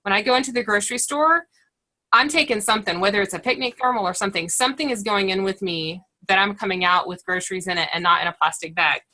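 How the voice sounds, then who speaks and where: A woman's voice: mid-range voice, quick pace, sharp tone, rough recording. A woman leading a monthly call for her direct sales team, chatty and encouraging, acting out the lines she says to customers.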